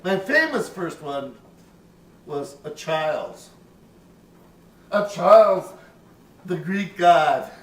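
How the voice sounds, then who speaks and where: A man's voice: high voice, very animated, slow, far from the mic. An older man casually telling a personal story, rambling and profane, with chuckles. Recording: roomy, off-mic, faint ambience.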